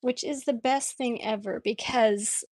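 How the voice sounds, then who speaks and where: A woman's voice: a little high, fairly even intonation, a little slow, darkish tone, dry recording, clean studio sound. A woman chatting casually with viewers while she draws on a livestream, laughing often as she reads out their comments. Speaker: art livestream host.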